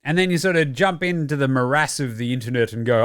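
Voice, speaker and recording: A man's voice: medium pitch, animated, fast talker, a bit bright, smooth, no echo, studio quality. A man giving casual, profane sports commentary as a podcast host, sarcastic and acting out mock quotes. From Australia. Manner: sarcastic, swears freely, acts out mock quotes.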